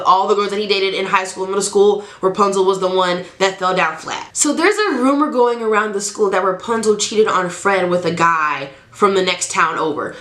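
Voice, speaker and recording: A woman's voice: mid-range voice, reverberant. Chatty young woman telling a story. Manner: chatty, frank, animated, acts out quoted lines. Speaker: storytime vlogger. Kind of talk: casual storytelling to camera.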